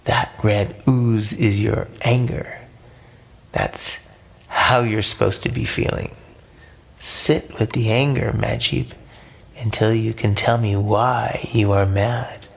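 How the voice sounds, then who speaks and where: A man voicing a giant female octopus in a storybook, stern but caring, speaking slowly and firmly. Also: lowish voice, steady tone, gravelly. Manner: firm, slow and instructive.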